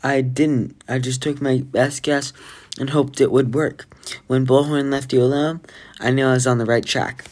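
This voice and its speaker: A gentle, fussy healer who soothes his patient and frets at the same time, in a reader's own near-everyday voice. He talks kindly and plainly, a little anxious underneath, in a homemade storybook reading. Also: medium pitch, steady tone, moderate pace, close to an everyday voice. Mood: reassuring. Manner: gently reassuring, a bit fretful. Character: kind fussy male healer, wild-haired.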